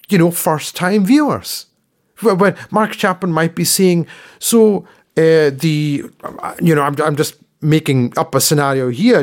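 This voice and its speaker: Ranting man, high-pitched for a man. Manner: ranting, repeats words when worked up. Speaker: podcast co-host. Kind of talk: casual chat.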